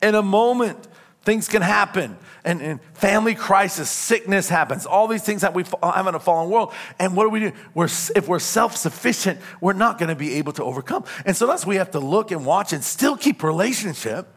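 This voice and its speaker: A man preaching a sermon in church, emphatic, with call-and-response lines that rise to shouts on key points. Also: high voice, expressive, a little fast. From California. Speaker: pastor. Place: church sanctuary.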